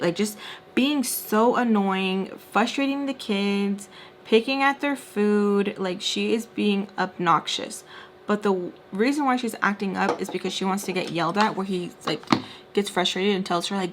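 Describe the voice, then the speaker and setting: A young woman in her twenties telling a story casually while doing her makeup, acting out quotes with lively pitch jumps and dropping to whispers. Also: normal speed, slight background noise. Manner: animated, acts out quotes with shifting pitch and whispers. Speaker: storytime vlogger.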